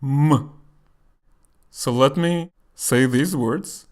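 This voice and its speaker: A man teaching a language lesson, explaining slowly and carefully and repeating example words, a native Russian speaker. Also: medium pitch, animated.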